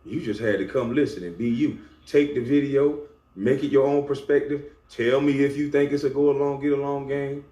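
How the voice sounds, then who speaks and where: A man's voice: mid-range voice, steady tone, normal speed, mellow. A man giving a confrontational, scolding rant to camera as a YouTuber, stressing his points with emphasis. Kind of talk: ranting monologue to camera. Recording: echoey room with faint background hum.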